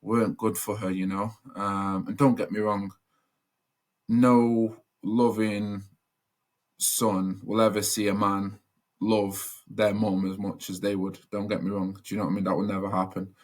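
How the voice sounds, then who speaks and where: A man's voice: fairly low pitch, level tone, a little slow. A young man telling a personal story as a podcast guest, earnest and reflective, with many fillers and restarts.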